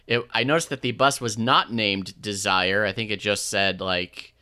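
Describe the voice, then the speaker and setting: Bright, clear-voiced man recapping casually. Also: on the low side, fairly even intonation, moderate pace. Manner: laid-back, many fillers and restarts, laughs often. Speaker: podcast co-host. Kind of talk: casual chat recapping a show.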